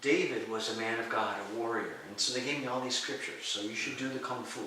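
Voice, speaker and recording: A middle-aged man telling lively stories in an interview, acting out the voices of people he quotes and laughing often. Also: medium pitch, quick pace. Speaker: interview guest, martial arts and healing teacher. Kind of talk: storytelling in a conversational interview. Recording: echoey room, far from the mic, faint hiss.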